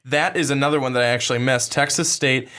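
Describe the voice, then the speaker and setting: A man co-hosting a casual sports podcast, halting and restarting as he gives his takes. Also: mid-range voice, steady tone, pushed and bright, clear, resonant tone. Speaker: podcast co-host.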